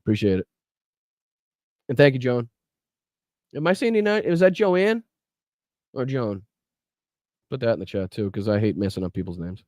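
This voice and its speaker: A man's voice: medium pitch, expressive, normal speed, long pauses, a little mellow, no room sound. Man, podcast host, profane political commentary, blunt, dry close mic. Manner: blunt, profane, reads out chat names.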